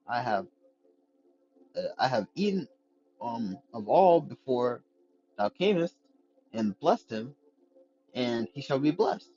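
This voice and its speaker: A man's voice: medium pitch, very animated, a little slow, pauses often, darkish tone, highs cut off, soft background music. A man reading scripture aloud with stumbles and restarts, then breaking into slangy street-style commentary as a preacher. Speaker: scripture teacher.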